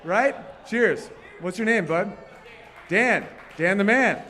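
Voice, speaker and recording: A man's voice: sits high, lively intonation, slow pace, sharp tone, a little hiss or hum. A man doing stand-up comedy on a live stage, talking with the crowd and rambling through loose, profane stories.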